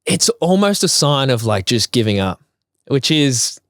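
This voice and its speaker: A man's voice: medium pitch, sing-song, unhurried, a bit bright, no room sound. A young man with an Australian accent, co-hosting a podcast in casual chat, joking and laughing often. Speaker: podcast co-host.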